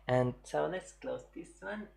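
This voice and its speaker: A woman's voice: deep voice, vocal fry, a little mellow, slight background noise. A woman streamer giving casual live-stream commentary on clips, chatty and laughing often, with many fillers.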